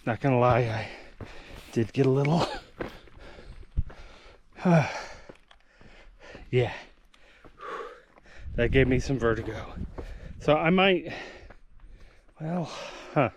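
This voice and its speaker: A man's voice: medium pitch, slow pace, long pauses, a little hiss or hum, rough recording. Breathless man vlogging on a mountain trail. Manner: breathless, self-deprecating, chatty. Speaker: hiking vlogger. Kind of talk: casual hiking vlog narration.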